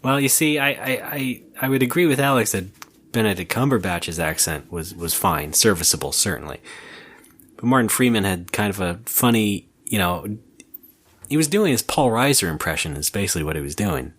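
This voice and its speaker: A man co-hosting a podcast in casual chat, with dry, deadpan jokes. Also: fairly low pitch, normal speed. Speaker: podcast co-host.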